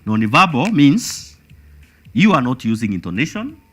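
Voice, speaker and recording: A man's voice: medium pitch, very animated, unhurried, fairly bright tone, breathy edge, faint music behind. A man with a Kenyan accent teaching an exam revision lesson, emphatic and repeating words as he thinks.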